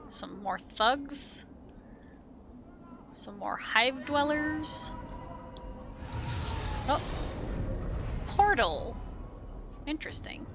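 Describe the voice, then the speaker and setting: A young woman streaming a game live, chatty and excitable, laughing and reacting to the action. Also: high-pitched, very slow, long pauses, music in the background. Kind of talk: live gameplay commentary.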